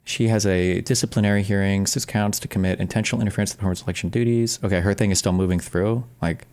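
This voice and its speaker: A man's voice: fairly low pitch, fairly even intonation, a little mellow, smooth. A man streaming, giving blunt, profane commentary while he reacts to a video. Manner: blunt, profane, rapid interjections. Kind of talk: casual live-stream commentary.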